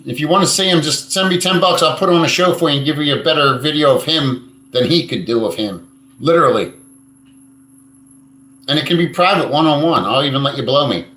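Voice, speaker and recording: A man's voice: on the high side, fairly quick, bright, forceful tone. A man hosting a casual live stream, answering viewer comments in a blunt, crude and rambling way, swearing freely. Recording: echoey room.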